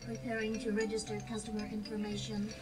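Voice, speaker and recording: A dutiful video-game robot helper with a processed, mechanical voice. Her delivery stays dead flat, with no rise or fall at all. Loud game music plays under every line. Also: mid-range voice, fast talker.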